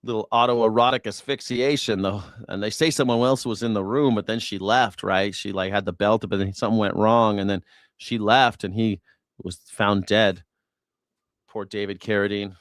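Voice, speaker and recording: A man's voice: fairly low pitch, fairly even intonation, normal speed, no room sound, studio quality. A man hosting a news reaction stream, rambling and joking crudely in casual talk. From United States. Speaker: streamer host.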